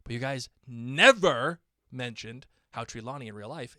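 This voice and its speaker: Male podcast co-host, lively casual chatter, close dry mic. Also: medium pitch, normal speed, no echo. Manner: animated, reads listener emails aloud. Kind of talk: casual chat.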